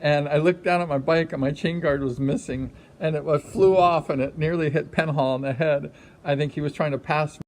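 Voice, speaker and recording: A former speedway rider in his sixties, casually telling a story from his racing days, animated and full of fillers. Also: a little high, brisk. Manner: animated, acts out quotes, many fillers. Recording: music under the voice. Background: background music.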